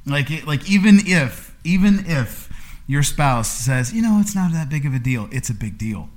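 A man's voice: fairly high pitch, very animated, normal speed. A man in his thirties hosting a podcast, talking casually with lots of fillers and restarts. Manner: rambling, filler-heavy, warm congratulating. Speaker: podcast host. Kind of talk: casual chat.

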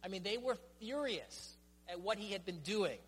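A man's voice: sits high, animated, moderate pace, fairly bright tone, husky. A middle-aged man preaching a sermon as pastor, emphatic and building his points in stressed lists. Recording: long reverb of a church hall.

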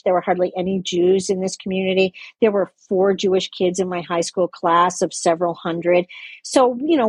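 Older woman, faint Canadian accent, breathy edge, dry recording; thoughtful, meandering interview guest. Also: medium pitch, a little mellow, no room sound. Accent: light Canadian. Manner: rambling, self-correcting, laughs at herself. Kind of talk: reflective interview talk.

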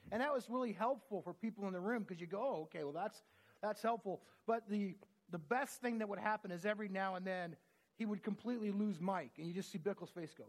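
A man's voice: sits high, quick pace. A man preaching a sermon, telling stories in an earnest, conversational way.

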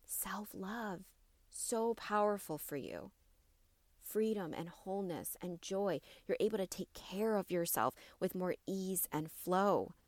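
A woman in her thirties hosting a wellness podcast, talking warmly and encouragingly to her listeners, often checking in with "right?". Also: medium pitch, slow pace, no echo. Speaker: podcast host and wellness coach. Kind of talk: solo podcast talk.

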